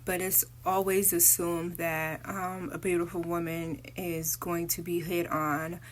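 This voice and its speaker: A woman casually telling a personal story to her viewers, candid and animated as she acts out the dialogue. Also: fairly low pitch, a little slow. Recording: echoey room, faint noise.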